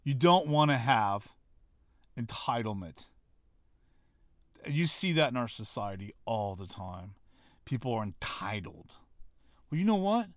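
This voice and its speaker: A man's voice: mid-range voice, big pitch swings, unhurried, long pauses, no echo, clean studio sound. A man giving a blunt motivational talk, brash and profane, mocking people and hammering his points. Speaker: motivational speaker.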